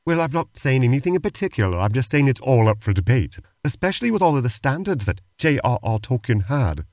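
A man's voice: mid-range voice, big pitch swings, fast talker, darkish tone, no room sound. A man co-hosting a comedy podcast, answering in a dry, exasperated manner. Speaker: podcast co-host.

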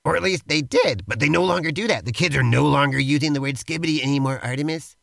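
Guy co-hosting comedy banter, bit high and gravelly, teasing, playfully pushy. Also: quick pace, fairly bright tone, no room sound. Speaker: co-host. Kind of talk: comedic improvised role-play banter.

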